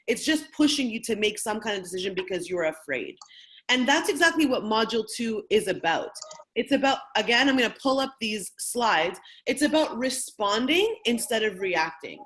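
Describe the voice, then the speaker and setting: A woman in her thirties leading a training session and telling a personal story in a candid, lively, conversational way. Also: fairly high pitch, normal speed. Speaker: workshop facilitator.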